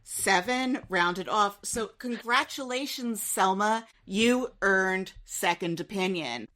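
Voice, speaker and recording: A woman's voice: mid-range voice, slow pace, sharp tone. A woman co-hosting a podcast, chatting casually and reading listener reviews aloud in a dry, mocking way. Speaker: podcast co-host.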